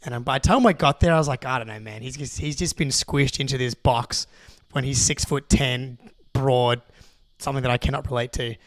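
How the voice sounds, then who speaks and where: A young Australian man, co-host of a podcast, telling a long story in an excitable, rambling way with lots of restarts. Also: mid-range voice, fairly quick, dry recording. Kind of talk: casual storytelling.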